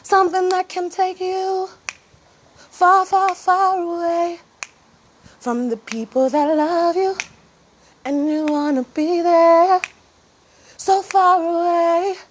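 Very high-voiced woman half-singing. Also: fairly even intonation, slow pace, long pauses, a little hiss or hum. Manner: rhythmic call-and-response with herself, repeating "what?" and "yeah"; swings between soft murmurs and loud sung bursts. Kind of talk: improvised half-sung monologue.

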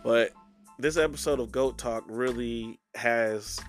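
A man's voice: medium pitch, slow pace, soft background music. A man hosting a sports podcast, chatting casually with guests and then wrapping up the episode alone. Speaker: podcast host.

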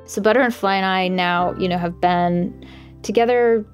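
A woman's voice: medium pitch, measured pace, highs cut off, faint music behind. A woman singer-songwriter telling a personal story in an interview, candid and laughing at herself.

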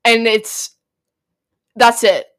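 A young woman from Canada co-hosting a casual podcast, rambling and giggling with sudden loud outbursts. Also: a little high, steady tone, extremely slow. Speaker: podcast co-host. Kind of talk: casual chat.

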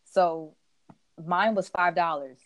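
A woman co-hosting a podcast in casual chat, telling lively stories and acting out what people said. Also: on the low side, takes it slowly, noisy background. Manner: animated storytelling, acts out quotes. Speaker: podcast co-host.

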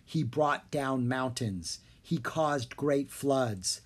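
A narrator reading a children's storybook aloud. The delivery is clear and expressive, with a medium-pitched voice. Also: extremely slow. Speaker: audiobook narrator.

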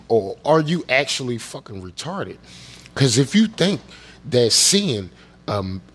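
A man's voice: medium pitch, husky. A man hosting his own show, ranting angrily with constant swearing and repeated phrases. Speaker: show host. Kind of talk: profane political rant.

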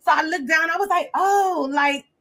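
A woman's voice: sits high, fast talker. A woman co-hosting a podcast, telling stories in casual chat and acting out what others said. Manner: animated, acts out what others said. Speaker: podcast co-host.

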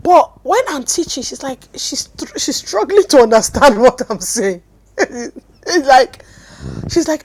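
A Nigerian woman teaching a sermon, animated storytelling that swings from loud bursts to hushed words, speaking into a mic at a desk. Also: sits high, takes it slowly, a little hiss or hum. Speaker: apostle and teacher.

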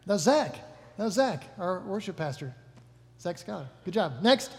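High-voiced man preaching in a big hall. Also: sing-song, normal speed, a little mellow. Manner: casual, joking, self-correcting. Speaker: pastor. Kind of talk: sermon. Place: church hall. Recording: long reverb of a large hall.

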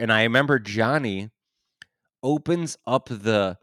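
Animated man telling a wild story. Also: mid-range voice, a little slow, no room sound, clean studio sound. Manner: animated, laughing often, swearing, acting out quotes loudly. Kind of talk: casual storytelling chat.

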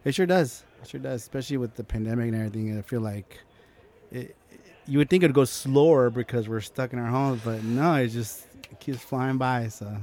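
A man speaking in an interview at an average pitch, recounting events in a loose, animated way. He slips into the voices of the people he quotes and often restarts his sentences. The delivery sounds like a relaxed chat. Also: a little fast. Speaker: guest. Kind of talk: casual interview storytelling.

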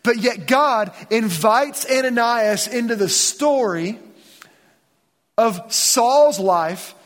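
A man preaching in a church, his voice sitting high for a man. He retells scripture in a loose, conversational way, voicing the characters in modern slang. The sound carries a long reverb from the sanctuary. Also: lively intonation, slow pace, fairly bright tone. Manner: casual storytelling, acts out biblical dialogue in everyday speech. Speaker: pastor. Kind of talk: sermon.

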